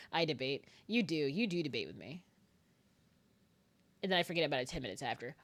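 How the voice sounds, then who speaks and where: A woman's voice: deep voice, normal speed. A woman streamer chatting casually and rambling nervously, with frequent giggles. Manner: animated and giggly, frequent laughter; self-described very nervous, rambling with restarts. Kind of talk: casual live-stream chat.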